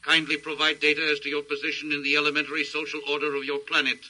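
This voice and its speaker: Actor as a monotone alien conqueror from a radio play, very bright sharp tone. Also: male voice, fairly high pitch, very fast, poor audio. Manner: flat, formal, clipped machine-like statements. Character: cold emotionless male alien invader. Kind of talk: old radio drama acting.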